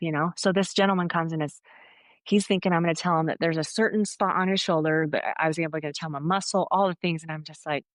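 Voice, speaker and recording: A woman's voice: fairly low pitch, steady tone, a little fast, no echo. Earnest woman telling a long story. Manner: earnest, rambling, acts out quoted dialogue. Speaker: foot zoner, podcast guest. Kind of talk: conversational storytelling.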